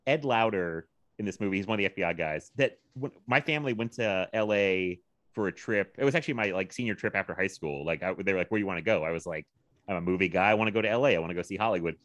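A man in his thirties from Virginia, co-hosting a podcast, telling animated stories with frequent laughter. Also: deep voice, fast, no echo, highs cut off. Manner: animated storytelling, laughs often, quotes people in lively voices. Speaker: podcast co-host. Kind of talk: casual chat.

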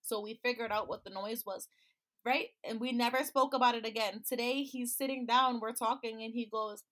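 A woman's voice: fairly high pitch, normal speed. A woman co-hosting a podcast, telling stories in casual chat with lots of laughter. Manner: animated storyteller who laughs often. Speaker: podcast co-host.

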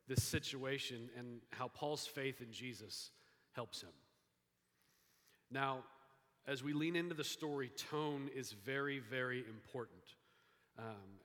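Bright-voiced preacher man in a reverberant hall. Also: medium pitch. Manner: storytelling, shifts between hushed and lively emphasis. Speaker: pastor. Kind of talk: sermon. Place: church sanctuary.

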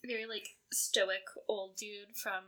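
A woman's voice: medium pitch, little pitch movement, takes it slowly, crowd noise. A woman hosting a podcast, chatting casually and filling her talk with "like". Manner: chatty, many "like" fillers. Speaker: podcast host presenting fan awards. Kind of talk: casual chat.

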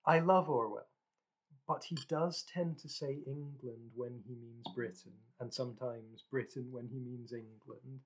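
A Scottish man co-hosting a podcast, talking casually in a rambling, animated way with frequent restarts. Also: mid-range voice, measured pace. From Scotland. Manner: rambling, animated, self-correcting. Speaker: podcast co-host.

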